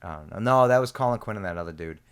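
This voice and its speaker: A man's voice: lowish voice, lively intonation, racing, clean tone. A man co-hosting a podcast in casual chat, easygoing and agreeable, mostly giving short replies. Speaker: podcast co-host.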